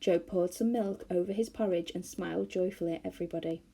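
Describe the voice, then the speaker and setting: A woman reading a children's novel aloud to schoolchildren, expressive and animated. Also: on the low side, fast, vocal fry, a little hiss or hum. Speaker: storyteller for schoolchildren.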